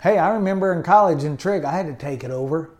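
A man's voice: a little high, fast, a little mellow. A man preaching a sermon in an emphatic style, often adding amens and hallelujahs. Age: adult with college degree. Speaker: pastor.

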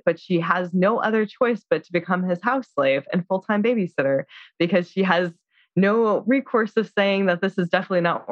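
This woman, a podcast co-host, has a fairly low-pitched voice and chats loosely through a film recap, dropping in plenty of fillers and performing the characters' dialogue. The sound is dry and a little dull.

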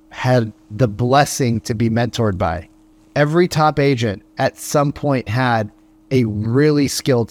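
A man talking as a sales coach, firing off rhetorical questions and tagging his points with "right?". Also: medium pitch. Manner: punchy rhetorical questions, frequent "right?" tags; acts out phone calls in quick voices. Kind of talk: motivational podcast monologue.

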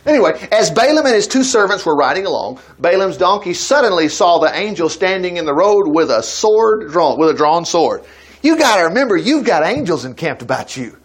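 A man's voice: high voice, very animated, a little fast, breathy edge. A man preaching a sermon at a church service, retelling a Bible story with folksy asides and laughter.

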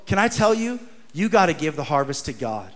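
Male pastor, thirties, high voice, casual and energetic preaching with lots of slang and acted-out voices. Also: fairly quick. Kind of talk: sermon.

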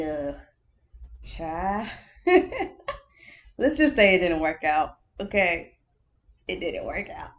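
With a low-sitting voice, a woman runs a casual solo podcast of her own. She's candid and quick to laugh, repeating phrases to stress them and addressing her listener as honey or baby.

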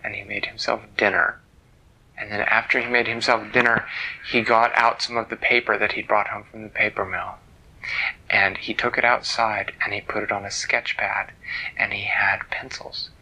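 Gravelly playful bedtime storyteller, man. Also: on the low side, little pitch movement, normal speed, poor audio. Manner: gentle and playful, drops to hushed whispers.

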